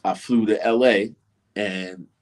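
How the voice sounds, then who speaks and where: A middle-aged man with a lowish voice speaks slowly while telling a story in a casual interview. He is an animated guest who performs the voices of the characters.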